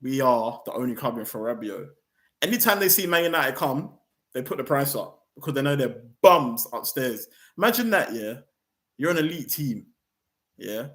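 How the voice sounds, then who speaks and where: A man's voice: medium pitch, normal speed. Fuming man ranting about football. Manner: heated, slangy, animated rant. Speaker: football fan channel host. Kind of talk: ranting fan vlog.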